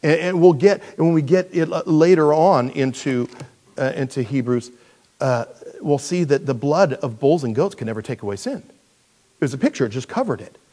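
A male pastor giving a verse-by-verse Bible teaching in a conversational, animated way, with joking asides. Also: medium pitch, moderate pace.

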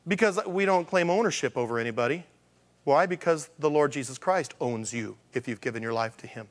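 A man's voice: a little high, a little fast. A male pastor preaching a conversational sermon, asking rhetorical questions and acting out the voices of the people he quotes.

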